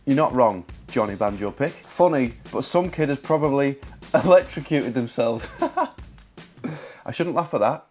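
A man's voice: medium pitch, expressive, normal speed, darkish tone. A young man, a magician making comic commentary with a sarcastic, jokey manner and frequent laughs. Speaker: magician and video creator. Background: background music.

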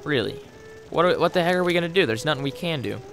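A man giving casual let's play commentary, excitable and quick with exclamations as he plays. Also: on the high side. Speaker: gamer. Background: game music.

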